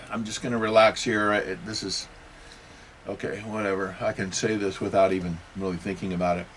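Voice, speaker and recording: This video host speaks off the cuff about politics and religion, wandering through rhetorical questions, filler words and corrections of himself. He has a fairly bright voice on the low side, delivered flatly at normal speed with frequent pauses. A little hiss or hum is audible.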